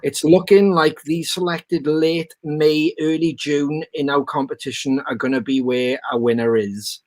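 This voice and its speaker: A man's voice: fairly high pitch, steady tone, a little slow. A man hosting a podcast in casual chat, rambling and swearing, full of ums. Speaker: podcast host.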